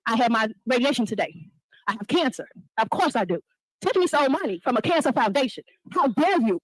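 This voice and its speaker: A woman's voice: a little high, sing-song, fast, no room sound, poor audio. A woman resident giving an indignant, accusing public comment at a town meeting.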